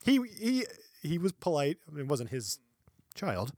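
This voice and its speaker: A middle-aged man chats on a podcast in a slightly high voice with wide swings of pitch. He rambles and mocks himself with frequent laughs. The sound is dry and close, with no room echo. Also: lively intonation, normal speed, mellow, breathy edge. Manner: rambling and self-mocking, laughing often. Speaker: podcast co-host. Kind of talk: casual podcast chat.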